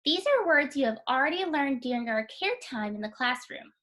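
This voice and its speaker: A woman teaching a phonics lesson to young children, sounding out words slowly, clearly and encouragingly. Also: high voice, lively intonation, fairly bright tone. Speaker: kindergarten teacher.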